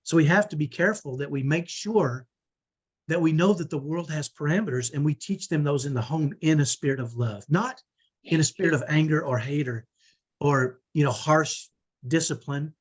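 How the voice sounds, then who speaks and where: Earnest middle-aged man, husky voice. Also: fairly high pitch, normal speed. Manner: earnest, emphatic, often adds a "right?". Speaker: host of online parenting training. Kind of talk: live webinar talk. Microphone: video call.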